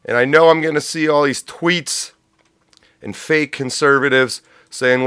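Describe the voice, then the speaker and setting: A man's voice: mid-range voice, measured pace, sharp tone, smooth, no room sound, studio quality. A man hosting a livestream, ranting in a profane, sarcastic, rambling way. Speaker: livestream host. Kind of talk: unscripted livestream rant.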